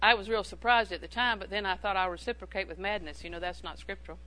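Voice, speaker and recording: A woman's voice: medium pitch, steady tone, fast talker, bright, forceful tone, low-quality recording. A woman preaching a sermon in a humorous, conversational way, repeating phrases for emphasis.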